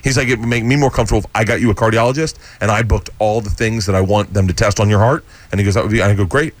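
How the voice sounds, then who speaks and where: A middle-aged man, a comedian guest, telling an animated story and acting out the voices of people in it. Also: on the low side, rapid-fire, no room sound. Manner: animated storyteller, acts out quotes. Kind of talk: storytelling in casual chat.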